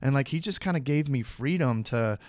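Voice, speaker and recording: An actor appearing as a guest rambles through a long, casual anecdote, often restarting and acting out the dialogue he quotes. He has a medium-pitched, animated voice at a moderate pace, recorded without echo.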